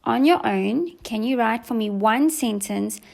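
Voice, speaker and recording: A woman walks young children through a recorded lesson in a patient, clear instructional tone. Her voice carries heavy vocal fry and sits slightly high. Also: a little slow, darkish tone. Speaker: primary school teacher.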